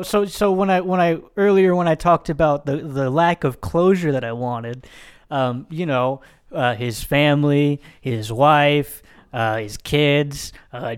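Man, podcast co-host, loose chatty delivery, fillers and cursing, slightly higher voice. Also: clean tone. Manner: rambling, profane, many fillers. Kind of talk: casual film discussion.

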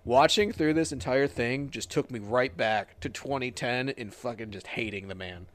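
A man's voice: mid-range voice, moderate pace. A man recapping wrestling in casual podcast chat, joking and swearing as he retells matches. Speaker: podcast co-host.

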